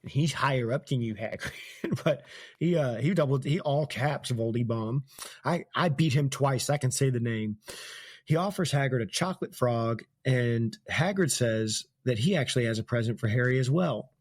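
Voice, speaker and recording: A man chats through a book chapter as a podcast host, retelling scenes in a loose, casual way and laughing often. His voice sits at an ordinary middle pitch. The recording is close and dry. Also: expressive, moderate pace, a little mellow, dry recording.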